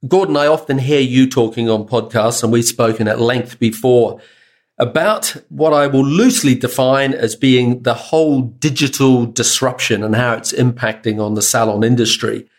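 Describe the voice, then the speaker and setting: A man's voice: medium pitch, normal speed. A man hosting a podcast interview, reading a scripted introduction and then chatting loosely with restarts. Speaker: podcast host.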